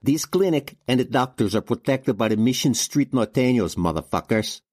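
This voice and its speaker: A man's voice: mid-range voice, animated, normal speed, a little mellow, no echo, studio quality, voice pushed up, natural voice. A man voicing a menacing young male gang leader in an audiobook.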